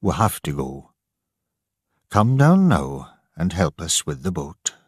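A man voicing a quiet, resolute middle-aged father who keeps a lighthouse, in a storybook reading. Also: low-pitched, huge pitch swings, a little slow, husky, no echo, studio quality, full character voice. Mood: quiet resolve. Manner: quiet and firm.

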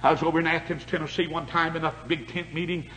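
An older man preaching a fiery revival sermon, swinging between shouted peaks and quiet, hushed stretches. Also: fairly high pitch, steady tone, quick pace, slight background noise, poor audio.

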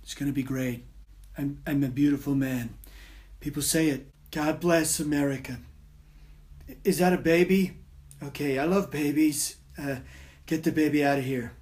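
A man doing a comic impression of a boastful older politician, with a deep husky voice that brags and repeats itself. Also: fairly even intonation, moderate pace, pauses often, a little mellow. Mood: blustering. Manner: boastful, repeats himself over and over. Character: boastful older male politician impression, blustering and self-praising.

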